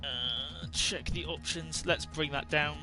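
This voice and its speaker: A man's voice: a little high, slow pace, over music. A young man from Ireland with an English accent, giving rambling, self-mocking commentary while streaming a game. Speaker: gaming streamer. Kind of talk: casual gameplay commentary.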